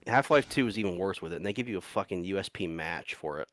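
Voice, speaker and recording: A man's voice: sits low, lively intonation, fast talker, fairly bright tone, slight background noise. A man streaming a video game, chatting casually with a friend in a laid-back, swearing, dry way. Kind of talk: casual gameplay chat.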